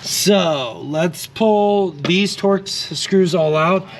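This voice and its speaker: A man's voice: high-pitched, very slow, a little hiss or hum, low-quality recording. A man hosting a casual DIY car repair walkthrough. He is laid-back, swears now and then, and explains each step.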